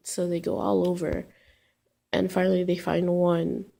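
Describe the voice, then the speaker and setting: A woman with a lowish, gravelly and husky voice tells a personal story in a loose, casual way. She rambles, with lots of fillers and restarts. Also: little pitch movement, slow pace, a bit bright.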